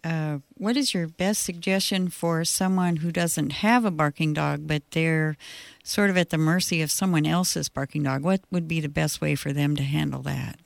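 A woman's voice: low voice, fairly even intonation, normal speed, gravelly, dry recording. A woman co-hosting a radio talk show, asking brief questions and affirming the host.

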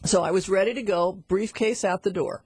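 A middle-aged woman teaching animal communication through a chatty, animated personal story, with frequent asides to her listener. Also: medium pitch, brisk, slightly rough, no echo. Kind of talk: storytelling lesson.

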